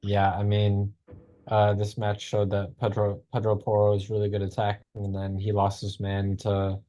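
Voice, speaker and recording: A man on a football panel with a low, mellow voice that barely moves in pitch. He shares his takes haltingly, circling back and restarting as he thinks. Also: monotone. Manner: hesitant, many fillers and restarts. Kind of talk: casual football opinion chat.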